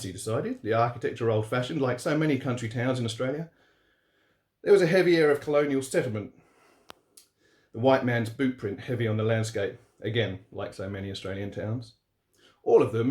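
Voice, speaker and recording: Man, author reading horror story, mid pitch, steady, roomy echo. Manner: relaxed, steady, few fillers.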